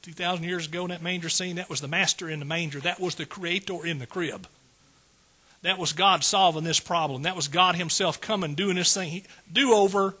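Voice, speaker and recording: A man's voice: sits high, a little fast, bright, forceful tone, breathy edge. A male preacher giving a folksy sermon and calling out questions to his congregation.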